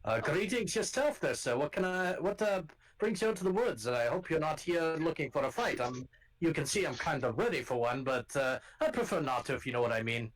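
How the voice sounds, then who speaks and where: A man's voice: on the high side, expressive, brisk, low-quality recording. A man voicing a chatty adventurer, putting on a blended Scottish and Irish accent and rambling in a folksy way. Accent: put-on mix of Scottish and Irish. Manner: rambling, folksy, calls people lass. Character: chatty male adventurer with a put-on brogue.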